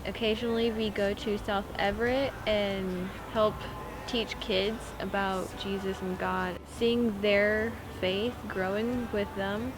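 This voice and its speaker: A teenage girl giving a soft-spoken, sincere personal testimony as a student. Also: medium pitch, steady tone, takes it slowly, noisy background. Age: teens.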